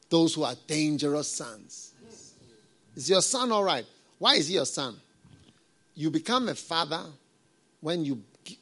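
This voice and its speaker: A middle-aged man preaching a sermon as a pastor, talking in a conversational, repetitive way with folksy proverbs and soft chuckles. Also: fairly high pitch, vocal fry, breathy edge.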